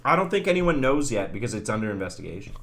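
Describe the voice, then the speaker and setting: A man's voice: medium pitch, big pitch swings, quick pace, a loud crowd. A man co-hosting a podcast in casual chat, loose and laughing, full of "like". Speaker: podcast co-host.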